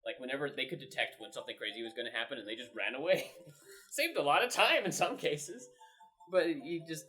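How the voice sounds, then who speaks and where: Young male co-host, animated and bright, laughs a lot between anecdotes. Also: medium pitch, brisk, soft background music, poor audio. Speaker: co-host and game player. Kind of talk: casual storytelling while gaming.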